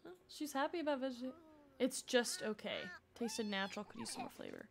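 A young woman chatting through her gameplay on a live stream, excitable and gushing, often talking to the game characters. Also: fairly high pitch, fairly quick, gravelly, slight background noise.

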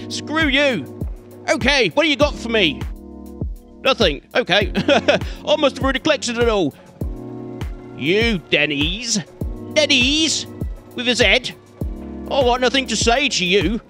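A man's voice: very high voice, animated, unhurried, long pauses, bright, forceful tone, faint music behind. A man giving playful, theatrical let's-play commentary, talking back at the game and its zombies. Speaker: gaming channel host.

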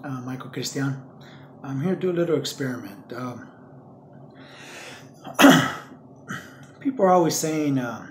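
A man's voice: mid-range voice, expressive, a little slow, pauses often, echoey room, slight background noise. A man making a casual solo vlog, rambling with many fillers and repeats while he eats and talks with his mouth full. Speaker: vlogger.

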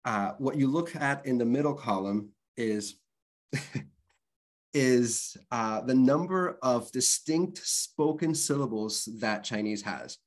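A man's voice: mid-range voice, animated, slow pace. A man presenting an online literacy workshop, explaining things in a conversational way and spelling out sounds. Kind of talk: workshop lecture.

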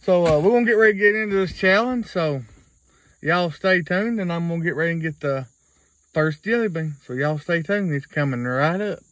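A man's voice: fairly high pitch, fairly quick, fairly bright tone, rough recording. A man, rambling through a casual video blog in a folksy way and repeating himself. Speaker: vlogger.

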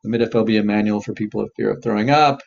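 A man's voice: lowish voice, fairly even intonation, quick pace, gravelly, a little mellow. A man, a therapist, leading an exposure exercise in a webinar and coaching participants in an encouraging way. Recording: dull lo-fi webinar audio.

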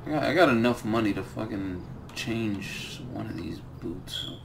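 A man's voice: fairly low pitch, animated, a little slow, creaky, background noise. A young man streaming a game, ranting and swearing about the loot he gets. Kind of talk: live gaming commentary.

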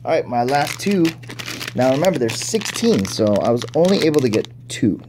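A man's voice: medium pitch, very animated, moderate pace, noisy background. A man giving casual, chatty toy unboxing commentary, thinking aloud and easily impressed. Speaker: toy reviewer.

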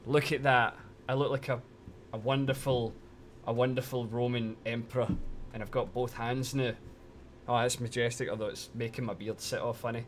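A man's voice: medium pitch, fairly even intonation, normal speed, slight background noise. A man chatting casually on a live stream, teasing his chat and swearing a lot while complaining that he is cold.

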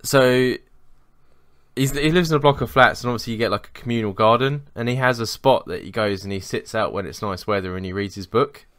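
This man's voice is mid-range, fairly quick and a bit bright, captured in clean studio sound without room reverb. Co-hosting a podcast, he rambles through a work story, cursing and laughing at himself along the way.

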